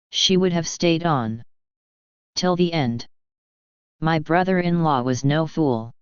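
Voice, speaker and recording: A storybook narrator reads at a very slow, careful pace for English learners. The voice is crisp and smooth, with a middle pitch. It sits close and dry on a slightly muffled recording. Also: no echo. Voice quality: clear, careful reading.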